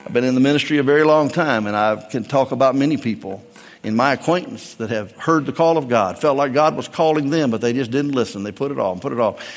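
A middle-aged man, a pastor, preaching a sermon with emphatic swings between raised and hushed delivery. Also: medium pitch, fast talker, in a large hall.

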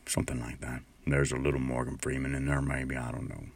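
A man answering interview questions in a relaxed, musing way, with self-deprecating asides. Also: very deep voice, fast, gravelly, hardly any pauses, no echo. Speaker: voice actor interviewee. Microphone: call recording.

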